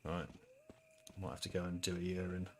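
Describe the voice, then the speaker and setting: A British man co-hosting a game stream, chatting casually in a sweary, rambling, animated way. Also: low voice, a little fast, a little hiss or hum. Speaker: streamer co-host. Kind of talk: casual chat.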